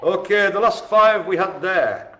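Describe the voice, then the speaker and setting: A man's voice: high voice, measured pace. A man calling bingo on a live stream, joking and chatting with the people around him. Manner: jokey, animated, chatty with the room. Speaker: bingo caller. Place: indoor care home lounge. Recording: echoey room.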